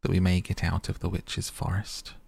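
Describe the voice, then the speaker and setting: A man's voice: low voice, monotone, moderate pace, vocal fry, a little mellow, breathy edge, full character voice. A man reading as an eager young boy.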